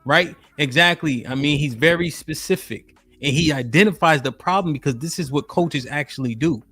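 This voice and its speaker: Slangy male streamer, high-pitched. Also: normal speed, slightly rough, soft background music. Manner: animated, slangy, greets chat viewers by name. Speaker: streamer host reacting to a video. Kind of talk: casual live-stream commentary.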